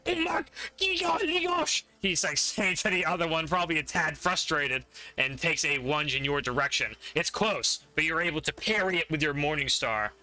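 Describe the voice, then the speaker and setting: Bright-voiced man running a tabletop game. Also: fairly high pitch. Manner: laughing often, vivid descriptions. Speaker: game master.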